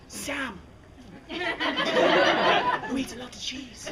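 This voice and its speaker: A woman narrating a comic Shakespeare story to a live audience, animated and laughing often. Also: high voice, drawn-out words, long pauses. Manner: animated, laughing, dramatic recitation. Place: outdoor fair stage. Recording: crowd noise from an outdoor fair.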